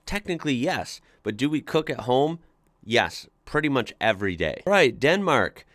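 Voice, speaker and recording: A man's voice: medium pitch, sing-song, normal speed, a bit bright, no room sound, clean studio sound. A man from the United States hosting a casual online reaction video, reading forum posts aloud and chatting about them with many filler words. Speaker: YouTube reaction host.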